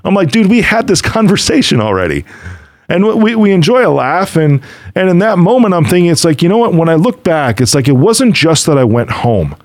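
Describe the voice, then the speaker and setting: Animated man telling motivational stories. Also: a little high, fairly quick, no room sound, clean studio sound. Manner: storytelling, quotes others and himself; casual, swears now and then. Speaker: podcast host. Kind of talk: motivational monologue.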